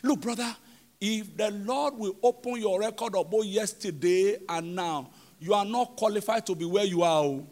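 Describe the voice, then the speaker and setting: The speaker is a pastor with a Nigerian accent preaching in church, his voice sitting high and his pace moderate. He drives his points home emphatically, questions the congregation, and moves between shouts and quiet stretches.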